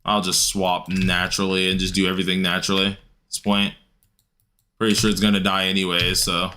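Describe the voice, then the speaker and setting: A man's voice: sits low, completely flat delivery, brisk, pushed and bright, a little hiss or hum. A man streaming a game, chatting casually with his chat in a laid-back, slangy way and laughing often. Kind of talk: casual livestream chat while gaming.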